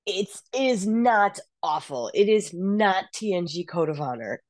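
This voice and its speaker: A woman co-hosting a podcast, giving frank, animated opinions in casual chat. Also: mid-range voice, measured pace, no echo, clean studio sound. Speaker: podcast co-host.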